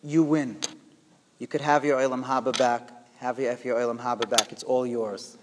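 A man's voice: medium pitch, little pitch movement, brisk, big-room sound, slight background noise, voice pushed down, lightly acted. A man voicing an ordinary pious man who pleads and protests in a flustered way. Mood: resigned.

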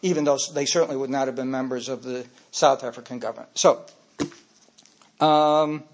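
A man's voice: mid-range voice, fairly even intonation, normal speed. An older man giving a speech, telling personal stories in an anecdotal way and getting emotional as he speaks.

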